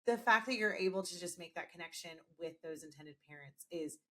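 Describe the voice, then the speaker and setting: A woman's voice: fairly low pitch, brisk. A woman hosting a podcast interview, affirming her guests and leading into questions. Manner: warm, affirming, with frequent encouraging interjections. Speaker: podcast host. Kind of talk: interview conversation.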